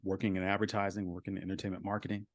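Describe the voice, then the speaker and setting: A man's voice: low-pitched, level tone, rapid-fire, no room sound, studio quality. A man in his thirties, a voice actor guest on a podcast, talking casually and rambling with lots of "like" and "you know.".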